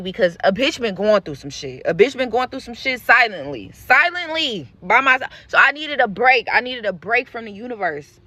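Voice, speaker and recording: A young woman with a bright, forceful voice tells a storytime rant straight to her viewers. She is blunt and profane and jumps into the voices of the people in her story. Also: mid-range voice, no echo. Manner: blunt and profane, acts out other people's lines. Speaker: social media creator.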